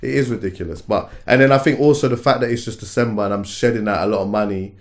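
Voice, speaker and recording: A man, co-hosting a podcast in expressive casual chat, swearing freely. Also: fairly low pitch, fast talker. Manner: expressive, swearing, laughing reactions. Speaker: podcast co-host.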